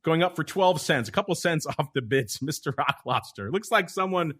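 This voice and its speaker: A man's voice: fairly high pitch, expressive, moderate pace, a bit bright, husky. A man hosting a podcast in casual chat, teasing his co-hosts playfully. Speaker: podcast host.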